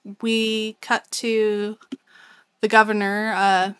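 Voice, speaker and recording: A young woman co-hosting a casual podcast, retelling a manga with lots of swearing, laughter and quick quoted voices for the characters. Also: medium pitch, level tone, a bit bright, clean tone, no room sound, studio quality. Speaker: podcast co-host recapping a manga. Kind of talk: casual chat. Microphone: no camera, audio only.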